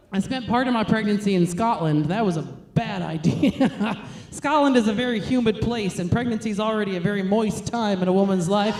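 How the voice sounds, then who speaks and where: A woman's voice: medium pitch, a little mellow, echoey room, slight background noise. A young woman from New York, a stand-up comedian, telling crude, self-mocking jokes.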